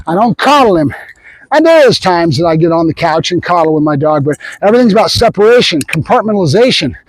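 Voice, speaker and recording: A man with a high, animated voice runs a puppy training demo, talking casually to viewers as guys. He keeps switching to bursts of excited praise for the dog. The sound is dry and close. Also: quick pace, no room sound, poor audio. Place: outdoors at a training area.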